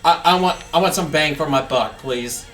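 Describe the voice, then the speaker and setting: Ranting gaming host, a bit off-mic. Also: male voice, on the high side, normal speed, a bit bright, far from the mic. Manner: emphatic, ranting, jokey. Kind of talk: casual gameplay commentary. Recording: off-mic with faint game music.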